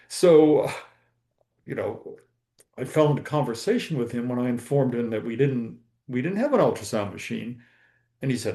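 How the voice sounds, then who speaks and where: Older man telling stories, dark roomy sound. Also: medium pitch, normal speed. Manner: rambling anecdotal with many ums. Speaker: guest physician. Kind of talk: storytelling interview answer.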